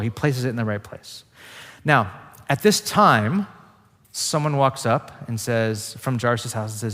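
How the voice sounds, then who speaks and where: A male pastor preaching in a loose, conversational way, dropping in "like" as he goes. His voice sits at an ordinary middle pitch and trails off into the long reverb of a church hall. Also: lively intonation, normal speed. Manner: casual, conversational preaching with frequent "like" fillers. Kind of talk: sermon.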